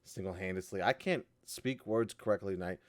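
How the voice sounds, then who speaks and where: A man co-hosting a casual gaming podcast, animated and laughing, often tripping over his words. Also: low voice, a little fast. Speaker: podcast co-host. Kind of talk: casual chat.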